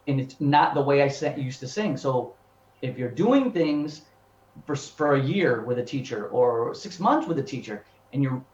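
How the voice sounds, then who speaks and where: A man in his fifties, a professional singer and voice teacher, telling his story in an animated, chatty way and repeating words as he thinks. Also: medium pitch. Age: 50s. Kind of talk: casual interview storytelling. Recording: echoey room, dull lo-fi sound.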